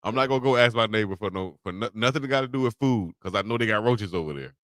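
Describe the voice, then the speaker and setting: A man's voice: fairly low pitch, fast talker, fairly bright tone, dry recording, clean studio sound. A man co-hosting a casual live-stream show, joking and laughing as he talks. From Alabama. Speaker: co-host.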